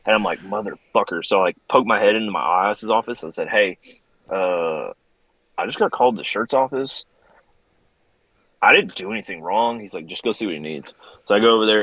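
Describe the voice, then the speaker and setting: Middle-aged male podcast guest, low and dry, animated profane storyteller who acts out the voices. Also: husky, no echo, rough recording. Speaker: podcast guest, Air Force veteran. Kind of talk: casual storytelling.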